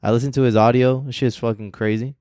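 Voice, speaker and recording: A young man chatting casually as podcast co-host, slangy and animated, swearing freely. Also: mid-range voice, fast, dry recording. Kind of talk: casual chat.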